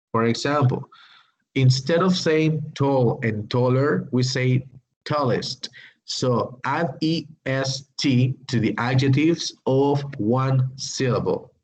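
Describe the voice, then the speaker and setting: Slow, hesitant male English teacher. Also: mid-range voice, low-quality recording. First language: Spanish. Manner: slow, hesitant, with many fillers and apologies. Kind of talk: online class explanation.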